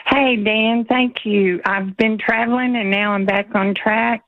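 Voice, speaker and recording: A woman's voice: on the high side, steady tone, no echo. Woman calling in over a dull phone line. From Texas. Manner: friendly, halting with fillers. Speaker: radio caller. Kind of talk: casual call-in chat.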